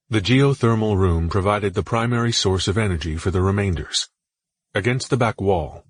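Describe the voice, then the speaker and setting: Brief: male narrator, low husky voice, measured and solemn, dry close mic. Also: dry recording. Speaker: audiobook narrator. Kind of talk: scripted audiobook narration.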